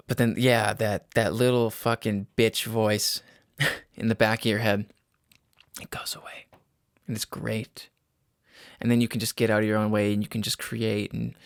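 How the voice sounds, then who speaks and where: Young male podcast host, gravelly and dry-sounding, loose profane rambling monologue. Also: fairly low pitch, a bit bright, no room sound. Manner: rambling, profane, laughs at himself. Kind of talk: casual solo podcast monologue. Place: a home room.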